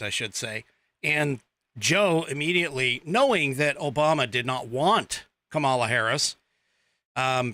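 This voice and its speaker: Slow, bright-voiced rambling male host. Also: mid-range voice, no room sound. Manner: rambling, halting with many fillers and restarts, sarcastic asides. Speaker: podcast host. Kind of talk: political commentary monologue.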